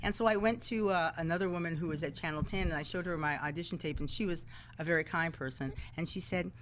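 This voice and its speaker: Brief: woman, TV anchor guest, lowish pitch, animated anecdotes, acts out quoted lines. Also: fast talker, slight background noise, rough recording. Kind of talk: casual interview storytelling.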